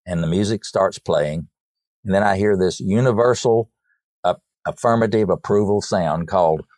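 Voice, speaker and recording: Older male songwriter guest from North Carolina, low voice, dry close sound, lively storyteller. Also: moderate pace, no room sound. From North Carolina, USA. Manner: lively storyteller who repeats words as he goes. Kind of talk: storytelling in a podcast interview.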